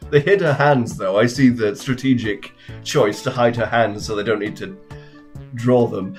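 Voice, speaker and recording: A man's voice: mid-range voice, normal speed, soft background music. A man giving rambling, self-mocking commentary on a game he is playing. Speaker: gaming video host. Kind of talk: let's play commentary.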